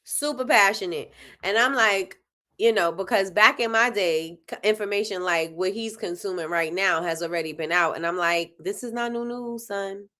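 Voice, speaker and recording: A middle-aged woman hosting a casual talk stream, talking straight to her audience. Her voice is bright and tense at the edges, and she breaks into laughter often. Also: on the low side, normal speed. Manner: animated, laughs often, talks straight to viewers. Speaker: host. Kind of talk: casual livestream chat.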